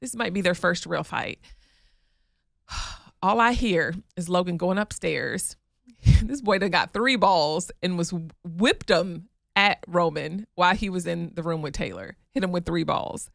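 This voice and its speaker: Creaky-voiced woman telling a family story. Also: on the low side, measured pace, no room sound, clean studio sound. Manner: lively storyteller who acts out family scenes. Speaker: podcast co-host. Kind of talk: casual chat.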